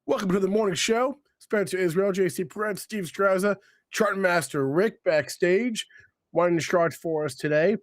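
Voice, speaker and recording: A man's voice: high-pitched, normal speed, dry recording, studio quality. A man hosting a live morning show, upbeat and greeting viewers by name. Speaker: host.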